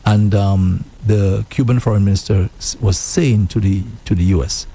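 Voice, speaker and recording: Low husky caribbean guy hosting talk radio, animated, keeps repeating himself. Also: normal speed. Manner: animated, repeats himself, quotes others in mock voices. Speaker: radio show host. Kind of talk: casual political talk.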